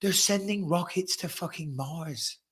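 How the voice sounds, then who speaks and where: A man's voice: a little high, measured pace. Teasing English man hosting a live chat. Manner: teasing, banter-heavy. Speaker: show host. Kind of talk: casual live chat with family.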